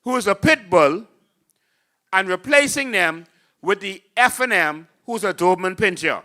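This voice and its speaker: A Bahamian man drives a political talk show with fiery, preachy conviction, speaking in a forceful, bright voice that sits a little high for a man. He talks straight to a studio audience. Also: animated, normal speed. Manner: impassioned, preachy, acts out voters in mocking voices. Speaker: political host and party leader.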